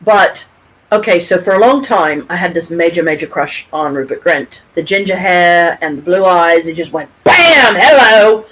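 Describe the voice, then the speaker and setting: A middle-aged woman from Michigan telling a story to her camera at home, rambling and animated, with frequent restarts and casual swearing. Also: lowish voice, moderate pace, a little hiss or hum, rough recording. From Pontiac, Michigan, USA. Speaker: vlogger. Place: at home, with her cat nearby.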